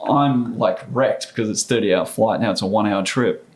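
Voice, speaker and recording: A middle-aged man, a former basketball player, telling stories as a podcast guest in an animated, casual way. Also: fairly low pitch, a little slow. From Australia. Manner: animated storyteller, acts out quoted voices. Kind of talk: casual storytelling interview.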